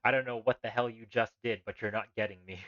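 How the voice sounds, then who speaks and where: A man's voice: mid-range voice, fairly even intonation, fast talker, fairly bright tone, dry recording, natural voice. A man reading out the lines of a defiant, cigarette-smoking goblin in a text adventure, in his own voice on a dull lo-fi mic.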